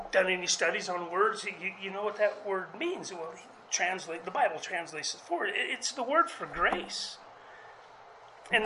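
An earnest preacher walks through a Bible passage, explaining it for the congregation. The voice sits in a middle pitch, and a faint hum of background noise runs underneath. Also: fairly bright tone, rough recording. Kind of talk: sermon.

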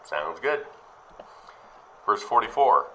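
Low-voiced guy teaching through bible verses, kinda sharp tone, asks the crowd questions. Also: sing-song, slow pace, slight background noise, rough recording. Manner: reads scripture aloud, then questions and explains it.

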